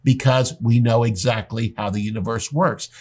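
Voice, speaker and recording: A man preaching a sermon as a pastor, telling stories with animated dialogue. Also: medium pitch, moderate pace. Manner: animated storyteller acting out dialogue. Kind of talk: sermon with storytelling.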